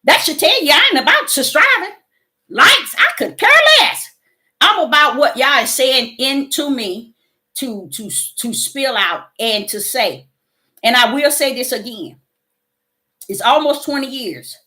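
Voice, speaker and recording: A woman's voice: high voice, animated, measured pace, pushed and bright. A middle-aged woman giving a fervent spiritual testimony to her viewers, preachy and repeating her words. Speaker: YouTuber.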